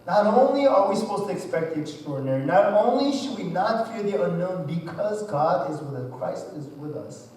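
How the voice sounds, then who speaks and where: A higher-voiced man in his thirties preaches a sermon. He tells stories casually and acts out the quotes. He is caught from far off in a very echoey hall. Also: expressive, moderate pace, few pauses, darkish tone, a little hiss or hum. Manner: conversational storytelling with acted-out quotes. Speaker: pastor. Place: church hall. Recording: distant mic in a very echoey hall.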